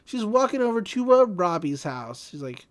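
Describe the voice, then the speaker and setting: A woman co-hosting a podcast, casually recapping a cartoon episode in an animated way with many fillers. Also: mid-range voice, normal speed. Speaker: podcast co-host.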